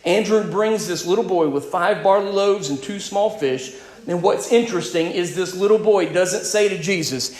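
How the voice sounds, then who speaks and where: A male pastor preaching a sermon. He is emphatic, swings between loud and quiet, and speaks directly to his congregation. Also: high-pitched, moderate pace, reverberant.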